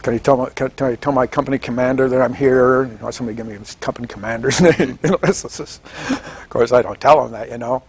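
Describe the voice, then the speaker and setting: A man in his seventies from Washington State, telling his story in an oral history interview, animated and chuckling, acting out the voices of people he quotes. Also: mid-range voice, fast talker, hardly any pauses, husky. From Washington State, United States. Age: 70s. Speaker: veteran interviewee.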